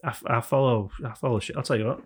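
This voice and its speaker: A man's voice: medium pitch, fairly even intonation, racing, slightly rough. A man hosting a podcast, chatting casually and swearing now and then. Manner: chatty, swears, mimics announcer voices. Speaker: podcast host.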